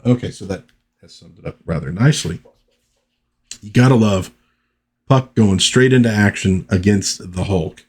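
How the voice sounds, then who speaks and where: A man's voice: on the low side, moderate pace, pauses often, husky. A man hosting a casual comic book review, reading the credits and chatting through the pages. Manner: relaxed, conversational, chatty asides.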